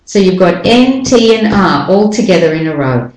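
A woman's voice: medium pitch, normal speed, hardly any pauses, darkish tone. A woman teaching English pronunciation, sounding out syllables one by one and repeating each word several times. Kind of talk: slow, deliberate pronunciation lesson. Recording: echoey room.

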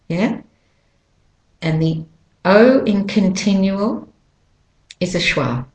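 A woman teaching English pronunciation, repeating each word slowly and stretching its stressed syllables. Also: deep voice, a little mellow. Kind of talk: slow pronunciation lesson. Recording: echoey room.

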